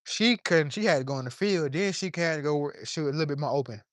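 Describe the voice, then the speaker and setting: Guy kinda sick but still preaching, lots of cussing, pitch up a bit, dry sound, talking outside in his yard. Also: lively intonation, fast talker, no room sound. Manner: fervent, profane, preachy street talk. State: a little under the weather. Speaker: vlogger. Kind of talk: impassioned monologue to camera.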